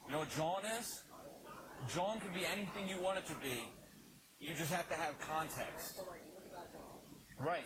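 A man's voice: fairly high pitch, unhurried, pauses often, crowd noise, rough recording. Blunt Philadelphia man teaching a group. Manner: blunt, joking, keeps checking in with the group. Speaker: youth Bible study leader. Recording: live room with clear background noise.

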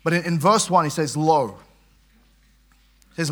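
Male preacher with a bright, slightly high voice, stumbling over repeated words as he explains scripture. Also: animated, moderate pace, pauses often. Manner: conversational preaching with frequent repetitions and quoted scripture. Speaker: pastor. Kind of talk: sermon.

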